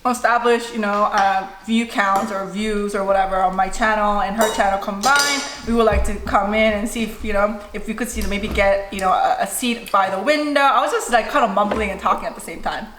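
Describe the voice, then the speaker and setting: A young adult woman vlogger telling a story to camera in a casual, animated way, acting out the voices of people in it. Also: mid-range voice, fairly quick, hardly any pauses, noisy background. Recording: echoey room.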